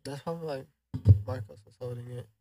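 A man's voice: mid-range voice, fast, over music. A young man chatting casually on a podcast, rambling with lots of fillers. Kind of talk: casual chat.

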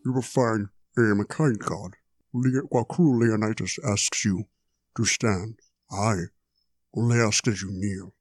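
Imperious god-king, slow and airy, deep in the chest, as a man puts him on. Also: steady tone. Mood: seductive. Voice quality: airy, breathy. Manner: slow, menacing, grand.

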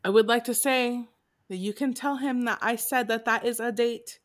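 A woman's voice: fairly high pitch, fairly even intonation, normal speed. A woman hosting an interview, asking friendly, teasing questions. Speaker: host. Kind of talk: casual interview chat.

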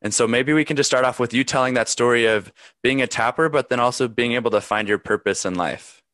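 A man's voice: mid-range voice, fairly quick, fairly bright tone, dry recording. Guy hosting a podcast, upbeat and encouraging, dry sound. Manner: enthusiastic, encouraging. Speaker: podcast host. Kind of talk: casual interview.

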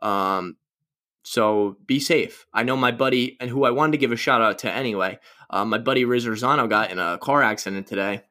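Bright-voiced young man rambling crudely. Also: mid-range voice, a little fast. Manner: rambling, crude joking, self-mocking. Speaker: podcast host. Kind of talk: casual solo podcast chat.

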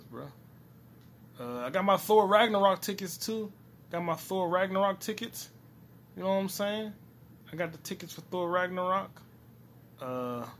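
A man's voice: on the high side, fairly bright tone, a little hiss or hum. A man hosting a solo podcast, rambling and swearing freely as he talks to himself, recorded on a phone. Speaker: podcast host.

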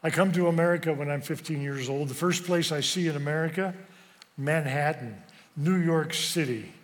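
A middle-aged man from West Africa tells a personal story from a stage, earnest and emotional, pausing and hesitating as he goes. His voice sits a little high for a man. The sound carries a long reverb from a large hall. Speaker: speaker.

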